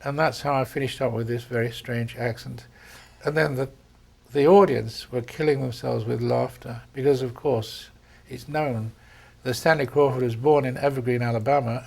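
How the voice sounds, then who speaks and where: A man's voice: medium pitch, steady tone, moderate pace, gravelly. An older man with an English accent, a surgeon reminiscing in conversation, telling stories with frequent ums and restarts. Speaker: surgeon interviewee.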